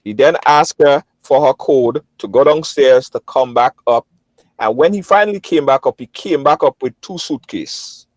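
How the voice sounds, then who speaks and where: A man's voice: medium pitch, moderate pace, no room sound. A man hosting a live call-in show, recapping the story for listeners and stumbling over repeated words when he cuts in. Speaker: talk show host.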